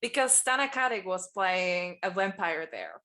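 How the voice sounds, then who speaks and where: A woman's voice: on the low side, lively intonation, unhurried, pushed and bright. A woman co-hosting a podcast, talking in a loose, rambling way that often trails off mid-thought. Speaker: podcast co-host. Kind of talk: casual chat.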